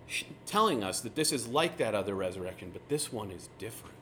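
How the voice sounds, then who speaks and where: A man teaching through a Bible passage in a relaxed, conversational way, retelling the scenes with lively asides. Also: fairly low pitch, quick pace, slight background noise. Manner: casual, animated retelling of scripture scenes.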